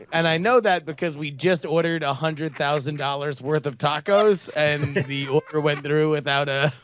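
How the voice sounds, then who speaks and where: A man's voice: a little high, steady tone, measured pace, a bit bright. A man playing a tabletop game in character, jokey and putting on a mock-tough tone. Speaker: player. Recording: dry, slightly muffled.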